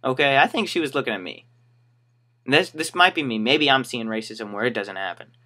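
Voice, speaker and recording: This young retail shoe store employee shares stories on camera in a loose, rambling vlog, wryly acting out the characters involved. His mid-range voice is animated, bright and forceful, and he talks fairly quickly.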